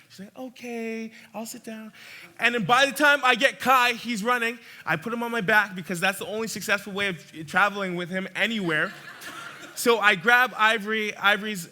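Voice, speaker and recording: A young man with a high, very bright voice tells a story from the front of a church. He is animated and chatty, often restarting his sentences and breaking into laughter. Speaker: church speaker.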